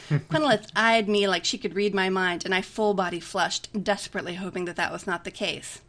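A woman's voice: mid-range voice, fairly quick, fairly bright tone. A woman reading a romantic comedy aloud in a chatty way, giggling often between lines. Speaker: story reader.

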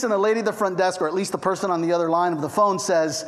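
A middle-aged male pastor telling a personal story in a sermon, chatty and animated, with frequent asides to the listeners. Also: sits high, fast talker, hardly any pauses.

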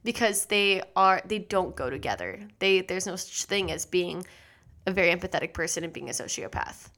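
Low-voiced, rambling young woman. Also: animated, moderate pace, a bit bright. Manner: rambling and self-reflective, trails off with restarts. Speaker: podcast co-host. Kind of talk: casual chat.

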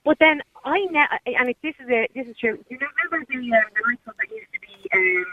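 A woman's voice: high-pitched, animated, a little fast. A woman in her forties with a Dublin accent, calling in to a radio show and chatting casually with a few ums. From Dublin, Ireland. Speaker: caller. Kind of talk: phone-in call. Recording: tinny phone line.

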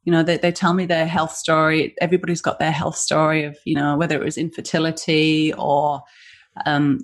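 Chatty woman on a video call. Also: deep voice. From Western Australia. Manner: chatty storyteller, acts out quotes, many fillers. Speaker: guest, small business founder. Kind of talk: casual interview over video call.

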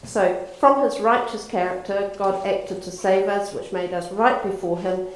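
A woman's voice: mid-range voice, unhurried, a little hiss or hum. Woman preaching in a very echoey room. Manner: storytelling, conversational. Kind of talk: sermon.

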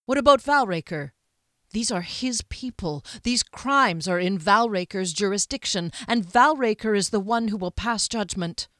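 A woman's voice: on the low side, unhurried, few pauses, fairly bright tone, dry recording, clean studio sound. A woman reading a stern male captain in an audiobook, speaking harshly and giving orders. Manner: harsh, commanding.

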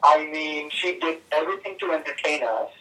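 Man in his 30s, slightly high voice, hesitant, heard over a distant phone line. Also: sharp tone. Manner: halting, many fillers and restarts. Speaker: friend calling in. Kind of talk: casual phone conversation. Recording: tinny speakerphone from a distance.

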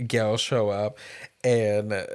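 A man's voice: lowish voice, little pitch movement, slow, darkish tone, clean tone. A man in casual podcast chat, talking through movie scenes with lots of energy and casual swearing. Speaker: podcast co-host. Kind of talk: casual chat reviewing a film.

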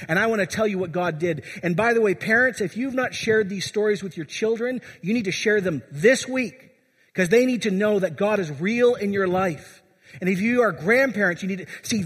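Preaching in a church full of long reverb, this high-pitched, slightly rough-voiced man urges his congregation on as their pastor. He keeps asking them questions as he exhorts.

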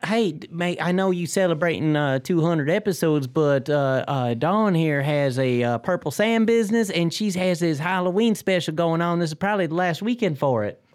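Playful man co-hosting a casual chat, high-pitched. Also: expressive, moderate pace, few pauses, a little mellow, clear, resonant tone. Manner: joking, playful.

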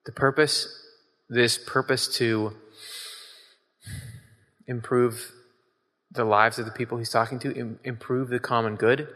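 A man's voice: medium pitch, little pitch movement, measured pace, pauses often, a bit bright. A man giving a casual sermon, reading scripture and talking it over in a conversational, emphatic way, asking his listeners questions. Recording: long hall reverb.

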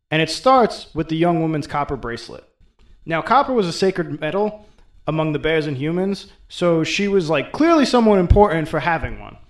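A man retells a folktale as host, with a fairly high voice and an irreverent, profane, wisecracking delivery. His comedic asides come in a casual talking tone. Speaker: host and storyteller. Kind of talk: comedic folklore storytelling.

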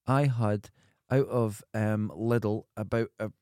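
Deadpan man, dry close sound. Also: on the low side, slow, clean tone, no room sound. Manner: defensive, deadpan about his odd food. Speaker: podcast co-host. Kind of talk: casual banter.

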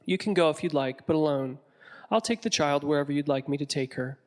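A man's voice: a little high, fairly quick, darkish tone, lightly acted. A man voicing a grave, mysterious woman who guards a hidden gate, speaking with a foreign accent in a storybook reading. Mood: stern. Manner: grave, commanding, regretful.

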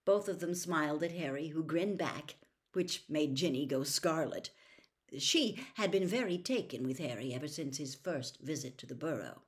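A woman narrating a children's fantasy book aloud with a dramatic, animated delivery. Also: sits low, moderate pace. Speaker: storybook reader. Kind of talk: expressive audiobook narration.

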